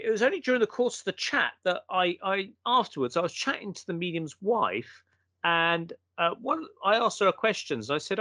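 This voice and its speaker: Bright, animated storyteller man. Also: high-pitched, no room sound. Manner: animated storyteller acting out quotes. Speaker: guest. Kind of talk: casual anecdote in conversation.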